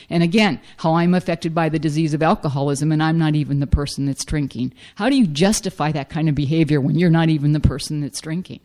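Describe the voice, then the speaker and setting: A woman's voice: low-pitched, steady tone, fast, few pauses, a little mellow. A middle-aged woman giving a frank, self-mocking personal recovery testimony as a speaker at a meeting.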